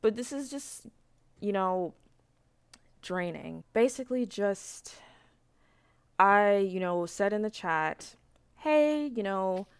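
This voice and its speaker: A woman's voice: lowish voice, vocal fry, clear, resonant tone, no echo. A young woman telling a story to camera in a frank, rambling rant, with lots of fillers and swearing. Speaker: vlogger.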